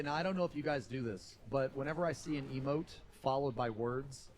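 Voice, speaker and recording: A man streamer telling stories in casual live-stream chat, animated and swearing freely. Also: medium pitch, slight background noise.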